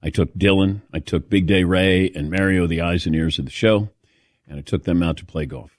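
A radio sports talk host with a low voice runs a casual show, telling stories in a chatty way with a sarcastic edge. He speaks at normal speed, and the studio-quality recording has no room sound.

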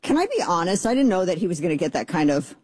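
A middle-aged woman hosting a political talk radio show, sarcastic and exasperated with quick asides. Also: on the low side, big pitch swings, darkish tone, slightly rough.

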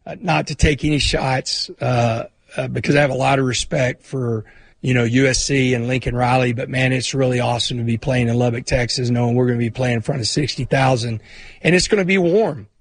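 A man, a football coach, speaking earnestly at a press conference with some halting fillers. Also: mid-range voice, no room sound.

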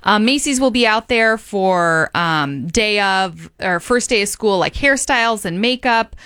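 Woman guest promoting events, smooth resonant voice, upbeat, dry studio. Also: mid-range voice, expressive, measured pace, sharp tone, dry recording. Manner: upbeat, listing events with fillers. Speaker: shopping mall events guest. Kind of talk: promotional radio interview.

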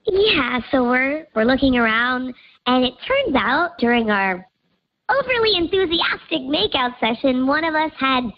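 A woman's voice: high voice, sing-song, measured pace, lo-fi sound. A woman calling in to confess something embarrassing, her voice run through a voice changer, speaking hesitantly. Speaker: anonymous caller. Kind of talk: phone-in confession.

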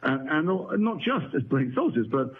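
A man's voice: on the high side, very animated, normal speed, husky. A middle-aged man from England, an actor guest in a casual interview, talking in a thoughtful, articulate, wry way with restarts. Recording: tinny phone-like line.

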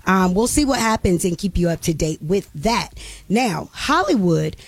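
A woman's voice: lowish voice, lively intonation, normal speed, slightly rough, dry recording. A woman hosting a radio show, chatting casually about entertainment news with many fillers.

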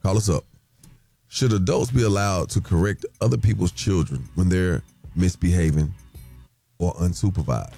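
A man's voice: low voice, normal speed, creaky, husky, soft background music. A man hosting a morning radio talk show, talking casually and animatedly, acting out voices as he makes his points. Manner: animated, acts out yelling in quotes.

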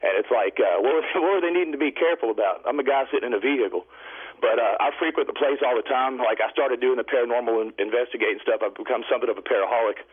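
A man phoning into a radio talk show, telling a long story in a rambling, halting way full of fillers. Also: medium pitch, breathy edge. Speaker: caller. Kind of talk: call-in storytelling. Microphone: telephone. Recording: tinny phone line.

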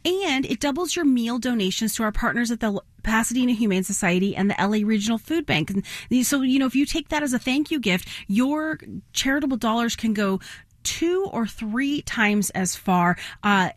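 A woman with a fairly high voice pleads with listeners during a public radio pledge drive, excited and urgent, slowing down to spell out the phone number. Her voice is close and dry in the studio. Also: dry recording. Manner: eager, pleading, repeats phone number slowly. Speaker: public radio programming director. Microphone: studio microphone.

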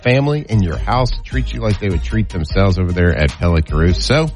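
A man co-hosting a sports radio show, bantering casually and reading ads with wry, drawn-out delivery. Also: low-pitched, big pitch swings, a little mellow, soft background music.

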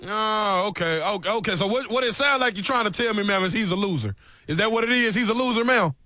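A man's voice: high-pitched, fast talker, pushed and bright, no echo. A man playing a stern police officer on a prank call, drawling and repeating "ma'am" as he questions a mother. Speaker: radio prank-call co-host. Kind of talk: prank call role-play.

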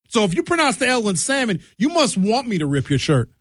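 High-voiced man ranting on talk radio. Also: fast talker, few pauses, dry recording, clean studio sound. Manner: animated rant, mimics callers in higher voices. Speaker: radio talk show host. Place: radio studio.

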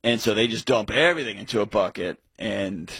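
A man co-hosting a money advice show, thinking out loud and emphatic, with playful quoted asides. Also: on the low side, a little fast, vocal fry, slightly rough, no echo, poor audio. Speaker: co-host of a money call-in show. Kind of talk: casual radio talk.

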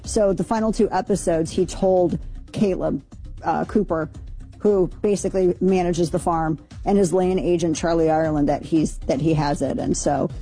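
A woman's voice: on the low side, steady tone, normal speed, dark tone, faint music behind. A woman hosting a radio talk show, running through news items in a chatty, rambling way, full of fillers and asides. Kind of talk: casual news chat.

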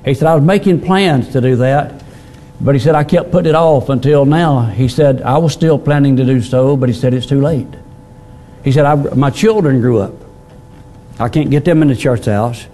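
A middle-aged male pastor preaching a plain-spoken sermon, often repeating words and pausing on fillers. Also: mid-range voice, warm tone.

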